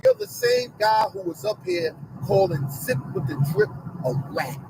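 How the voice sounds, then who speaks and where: Middle-aged guy preaching hard, real high voice, bouncing all over the place, car noise behind him. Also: expressive, unhurried. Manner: emphatic, repetitive, preachy. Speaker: online commentator. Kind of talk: heated commentary rant.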